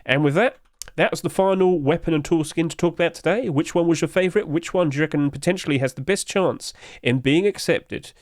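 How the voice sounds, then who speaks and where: A man's voice: on the high side, fairly quick, dry recording, clean studio sound. A young man giving casual commentary on video game skins, chatty and often asking his viewers questions. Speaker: video game skin reviewer.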